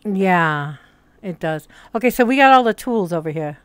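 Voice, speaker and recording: A woman's voice: fairly low pitch, expressive, normal speed, clean tone, no room sound. A woman with a hard-to-place mixed accent streaming, rambling and chatting casually with a bit of swearing. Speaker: streamer and hypnotist. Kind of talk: casual livestream chat. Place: virtual reality social world.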